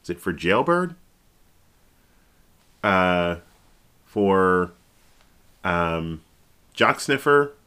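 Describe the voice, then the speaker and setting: A man hosting a podcast, giving casual, jokey political commentary that rambles, restarts and breaks into sudden high exclamations. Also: lively intonation, very slow, pauses often, bright, forceful tone, clear, resonant tone. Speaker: podcast host. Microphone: podcast microphone.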